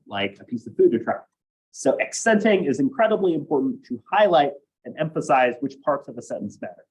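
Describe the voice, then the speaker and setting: A man's voice: fairly high pitch, lo-fi sound. A man teaching a college class, explaining ideas step by step and often checking in with "right?". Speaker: college instructor. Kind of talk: classroom lecture.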